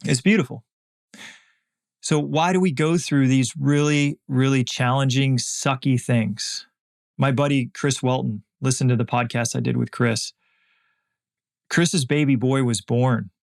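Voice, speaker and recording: A man's voice: mid-range voice, fairly even intonation, a little slow, vocal fry. A man hosting a podcast, giving an earnest, emphatic motivational faith talk and repeating phrases for emphasis. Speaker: podcast host.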